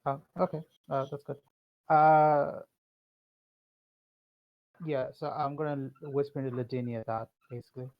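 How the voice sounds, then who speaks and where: A man's voice: medium pitch, level tone, measured pace, long pauses, highs cut off. A man playing a tabletop game online, hesitant, with many fillers. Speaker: player. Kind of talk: casual tabletop game talk.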